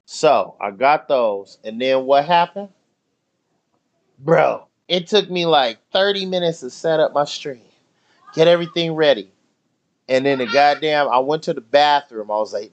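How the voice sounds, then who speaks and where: A young man holds a casual live stream from home, spinning loud slangy stories with plenty of banter. His voice sits a touch high for a man, and he drinks as he chats. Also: lively intonation, moderate pace. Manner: drinking while talking. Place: home, near the grill.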